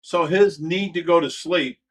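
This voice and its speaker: A man's voice: a little high, unhurried. A man hosting a livestream, telling a story in a heated, profane way. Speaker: host. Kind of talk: livestream chat.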